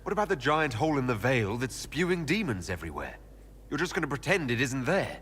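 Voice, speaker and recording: A man's voice: medium pitch, very animated, a little fast, a bit bright, slightly rough. A man voicing a plain-spoken hero in a video game, asking direct questions. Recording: game audio with faint ambience.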